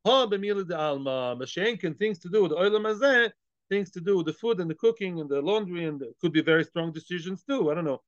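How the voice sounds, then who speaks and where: A man's voice: high-pitched, expressive, a little fast, dry recording. A man teaching a daily Talmud class, explaining Aramaic phrases in English with Hebrew and Yiddish terms mixed in, asking and answering his own questions. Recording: dull, lo-fi and dry.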